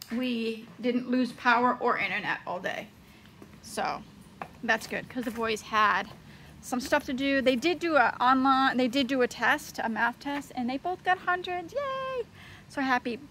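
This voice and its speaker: A woman's voice: fairly high pitch, bright, forceful tone. A woman in her thirties filming a casual vlog outdoors on a windy day, chatting in a scattered way and hopping from topic to topic. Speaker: vlogger, homeschooling mom.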